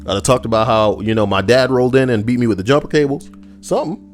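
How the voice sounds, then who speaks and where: A man's voice: medium pitch, fast, faint music behind. A man reading stories aloud for his channel and breaking off into joking, rambling asides, swearing casually.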